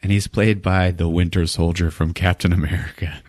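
A man's voice: low-pitched, unhurried, long pauses, breathy edge, no room sound, clean studio sound. A man hosting a podcast, retelling a movie casually with laughter and swearing. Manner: laughing, profane, animated retelling. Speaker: podcast host.

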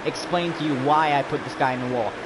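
A man's voice: fairly high pitch, quick pace, heavy background noise. A man streaming a racing game, ranting angrily and swearing nonstop at another player. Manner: furious, profane, ranting. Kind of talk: angry rant during live racing game stream.

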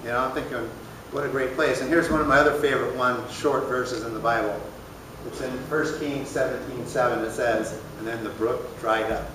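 A man's voice: medium pitch, fairly even intonation, brisk, distant mic, noisy background. Man teaching a group in an echoey room. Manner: conversational, plain-spoken, asks the room questions. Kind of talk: casual sermon teaching.

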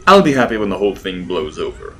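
Brief: man voicing an irritated mayor, forceful, lively pitch. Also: quick pace, husky, faint music behind, heavily acted. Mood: exasperated. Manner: exasperated, snorting. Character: exasperated small-town male mayor.

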